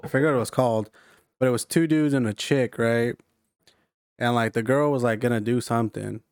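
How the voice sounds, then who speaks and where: A man's voice: medium pitch, steady tone, fairly quick, clear, resonant tone, dry recording, studio quality. A young man joking around in casual chat with friends, slangy and laughing.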